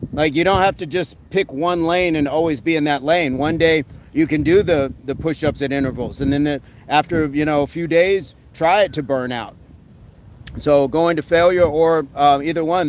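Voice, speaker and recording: A man hosting a casual live stream, reading comments aloud and giving quick fitness tips in a relaxed way. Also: a little high, a little hiss or hum, poor audio. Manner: relaxed, answers chat questions with quick tips.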